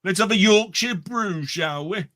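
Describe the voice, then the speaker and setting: Guy co-hosting a live stream, bright sharp voice, cheeky grumbling rants. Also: high-pitched, unhurried. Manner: mock-ranting, swears, teasing. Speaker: co-host.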